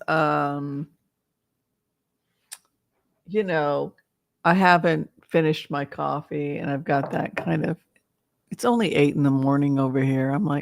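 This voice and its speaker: Slow rambling woman tarot reader. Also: low voice, creaky, no room sound, clean studio sound. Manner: rambling, playful, breaks into laughter. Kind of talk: casual rambling chat.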